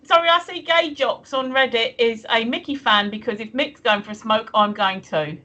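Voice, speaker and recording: A woman's voice: a little high, moderate pace, sharp tone, dull audio. A woman co-hosting a stream in casual chat, giggly and chatty as she reads out viewer comments. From London. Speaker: stream co-host reading chat.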